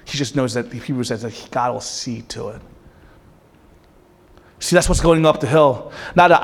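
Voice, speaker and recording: A man preaching a sermon with impassioned rhetorical questions, at times dropping to a hushed, intense delivery. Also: a little high, normal speed. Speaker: pastor. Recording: long hall reverb.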